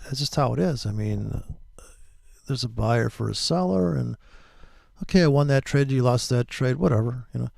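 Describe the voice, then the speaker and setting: A middle-aged man with a gravelly, creaky edge sits close to the mic in a dry, dead-sounding space. He hosts a trading livestream and talks in loose, profane, heated rants at a middle pitch. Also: darkish tone, dry recording. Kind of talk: ranting livestream chat.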